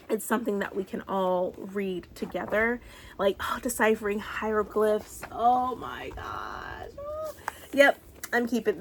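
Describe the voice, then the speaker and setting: A woman in her thirties chatting excitedly through a book haul, gushing and sometimes dropping to a whisper. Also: mid-range voice, noisy background. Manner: bubbly, excitable, gushing, slips into soft whispers. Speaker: book vlogger. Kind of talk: casual book haul chat.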